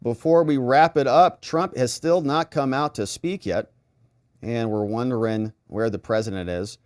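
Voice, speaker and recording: A middle-aged man from the United States hosting a live political stream, chatting casually and reading viewer comments aloud in an animated way. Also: medium pitch, a little slow, dry recording, studio quality. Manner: animated, chatty, acts out little exchanges.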